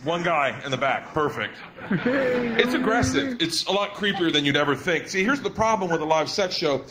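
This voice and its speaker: Male stand-up comedian, high bouncy voice, profane storytelling, live stage, loud background noise. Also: a little fast. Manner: animated, profane storytelling with laughing asides. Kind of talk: stand-up routine.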